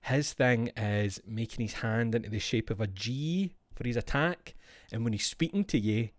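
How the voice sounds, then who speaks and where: A man's voice: mid-range voice, moderate pace, no echo. A man streaming, chatting casually in a rambling, profane, jokey way.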